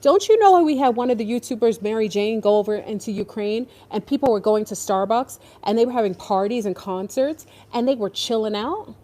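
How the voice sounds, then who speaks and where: A woman's voice: a little high, a little fast, few pauses, dark tone. A woman ranting in casual commentary, exasperated and sarcastic, now and then mocking others in put-on voices. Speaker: podcast host.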